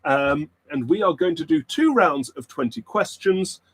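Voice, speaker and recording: A man's voice: a little high, sing-song, measured pace, breathy edge. A man hosting a livestreamed pub quiz in casual chat, rambling with many fillers and breaking into sudden upbeat bursts, into a computer mic.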